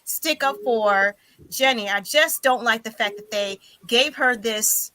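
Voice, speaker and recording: A woman dropping into a casual group chat, speaking earnestly and haltingly, often restarting her points. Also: fairly high pitch, pushed and bright. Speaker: guest joining the chat.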